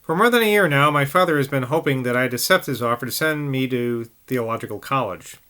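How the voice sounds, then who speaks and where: A man voicing an earnest young man who speaks politely and haltingly, in a novel reading. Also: medium pitch, animated, sharp tone.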